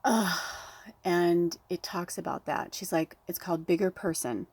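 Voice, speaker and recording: Gravelly, breathy woman talking earnestly. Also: lowish voice, moderate pace, a little mellow, dry recording. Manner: earnest, heartfelt, blunt with swearing. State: close to tears. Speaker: spiritual medium. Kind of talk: emotional direct-to-camera talk.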